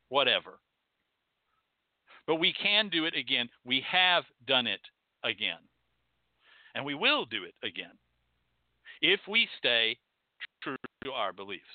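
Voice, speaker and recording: A man's voice: medium pitch, no room sound. A man with a Southern US accent hosting a call-in show, delivering a fiery, profane, rhetorical monologue full of repeated phrases. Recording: tinny phone-like dry sound.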